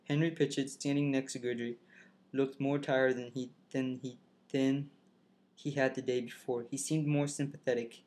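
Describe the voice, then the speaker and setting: A man reading a novel aloud in first person, halting, restarting words and pausing to comment on the text. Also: mid-range voice, little pitch movement, darkish tone. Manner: halting, restarts and rereads lines, breaks off to comment. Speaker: reader.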